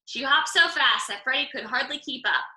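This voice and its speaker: A woman reading a picture book aloud with lively, expressive storytelling. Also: high-pitched, normal speed, echoey room, rough recording. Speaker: storybook reader.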